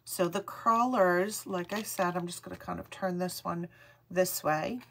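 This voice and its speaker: A woman's voice: on the low side, fairly even intonation, unhurried, vocal fry, a bit bright. A woman hosting a live online jewelry sale, chatting upbeat and calling out item numbers. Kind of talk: live shopping stream chat.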